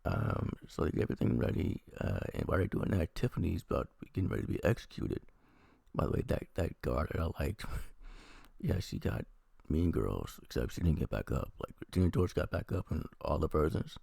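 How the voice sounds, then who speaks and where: Male reviewer, Midwest, unwell; deep husky rasp, lively swings in pitch, sarcastic rambling delivery. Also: brisk, no echo, clean studio sound. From American Midwest. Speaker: TV episode reviewer. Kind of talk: casual spoken review.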